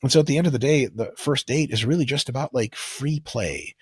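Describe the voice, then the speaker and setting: A man talking as a guest on a podcast, animated and profane, often acting out the voices of the people he quotes. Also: mid-range voice, brisk, breathy edge, no echo, clean studio sound. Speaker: guest coach and sports scientist. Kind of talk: casual podcast conversation.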